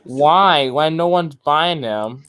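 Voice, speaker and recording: A man's voice: a little high, takes it slowly, fairly bright tone, clean tone. A man on a casual livestream, curious and asking question after question. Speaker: stream guest. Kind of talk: casual stream chat.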